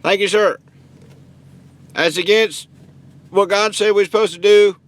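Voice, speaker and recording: A man's voice: sits high, unhurried. A man playing a drawling redneck truck-shop owner. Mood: deadpan. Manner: folksy slang, blunt deadpan answers. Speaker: online video creator answering viewer questions. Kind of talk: comedy character bit.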